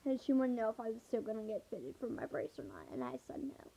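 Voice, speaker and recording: A woman's voice: a little high, wildly swooping pitch, fast, gravelly, warm tone, husky. A woman telling a rambling storytime, swearing often and leaning on "I'm like" as she goes. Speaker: vlogger. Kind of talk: storytime chat. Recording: tinny phone-like sound.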